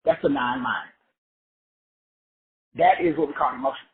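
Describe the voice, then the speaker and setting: A man giving a profane motivational lecture on a group call, emphatic and repetitive, stretching key words out slowly. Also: mid-range voice, slightly rough. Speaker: motivational teacher. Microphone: call audio. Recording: phone-like call audio.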